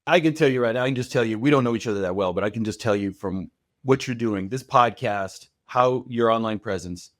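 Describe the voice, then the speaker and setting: A man's voice: mid-range voice, fairly quick, a bit bright, no room sound, studio quality. A man of fifty, a guest on a podcast interview, talking confidently and reassuringly about his own story. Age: 50s. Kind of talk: casual interview chat.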